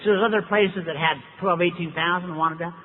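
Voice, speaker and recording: A man's voice: sits high, steady tone, brisk. Folksy older man telling stories in a hall. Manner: folksy, wry storyteller with punchlines. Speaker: recovery meeting speaker. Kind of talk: storytelling talk. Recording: tinny lo-fi hall recording.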